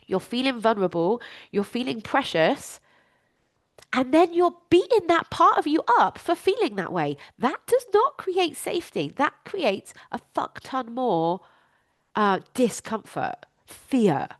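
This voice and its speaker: A woman's voice: sits high, sing-song, a little slow, no room sound, studio quality. A woman, a life coach hosting her own podcast, talking candidly and emphatically, swearing freely.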